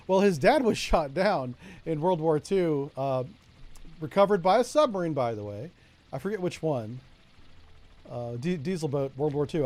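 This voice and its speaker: A middle-aged man with a Florida accent talks through a naval strategy game in a loose, joking way. His voice sits a little high for a man. He keeps throwing in asides to the people watching. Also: mellow. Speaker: streamer. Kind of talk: casual gameplay commentary.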